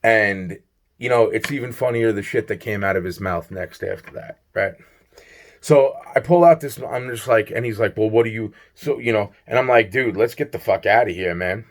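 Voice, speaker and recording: Speaking at a moderate pace in a fairly low voice, a male vlogger rambles through a personal story about an odd encounter. He swears freely, plays both parts of the dialogue, and circles back to the same points often.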